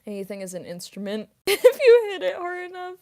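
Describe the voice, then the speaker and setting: A woman's voice: very high voice, huge pitch swings, brisk, a little mellow. A young woman streamer and voice actress answering chat questions casually, rambling with lots of fillers and giggles.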